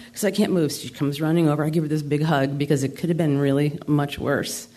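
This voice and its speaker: A woman's voice: low-pitched, steady tone, quick pace, hardly any pauses, mellow. A woman in her sixties from the Adirondacks of New York, telling a comic, self-deprecating story live on a theater stage. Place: theater stage before an audience.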